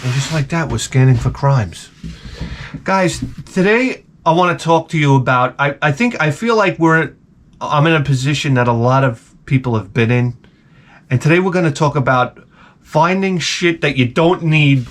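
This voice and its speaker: A man's voice: fairly high pitch, expressive, moderate pace. A middle-aged man vlogging, telling a casual, rambling, self-mocking story and swearing freely.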